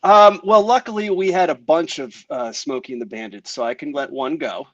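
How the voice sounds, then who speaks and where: A man's voice: a little high, normal speed, no echo, highs cut off. A man who is a guest on a sports talk show, bantering with jokes and passion about football.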